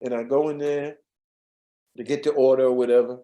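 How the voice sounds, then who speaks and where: A man's voice: mid-range voice, steady tone, fairly quick, dark tone, rough recording. A man telling stories from his years as a studio assistant in an interview, rambling with frequent fillers and restarts. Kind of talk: storytelling interview.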